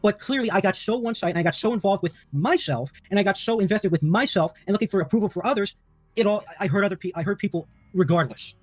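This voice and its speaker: A man's voice: sits high, fast talker, no echo, faint music behind. A man on a group voice call, heated and defensive, insisting on his honesty. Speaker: caller defending himself.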